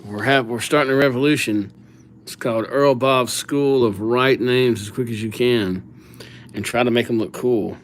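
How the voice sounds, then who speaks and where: A man's voice: medium pitch, fairly even intonation, moderate pace, a little hiss or hum. A young man hosting a calligraphy livestream, chatting and joking while he writes viewers' names and hands out goofy nicknames. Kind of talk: casual livestream chat while writing names.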